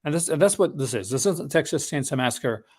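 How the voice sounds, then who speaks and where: A man's voice: a little high, expressive, a little fast, a little mellow, husky. A man hosting a casual live unboxing stream, chatting in a rambling, conversational way with enthusiastic asides about films he collects.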